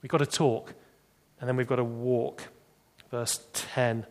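A man preaching a sermon, animated, rising for emphasis and dropping to quiet, serious points. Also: medium pitch, a little slow. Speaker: pastor.

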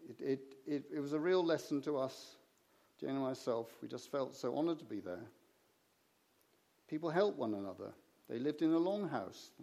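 A man preaches a sermon full of anecdotes, acting out the conversations in his stories. His medium-pitched voice is creaky and dark in tone, with lively intonation at a normal speed.

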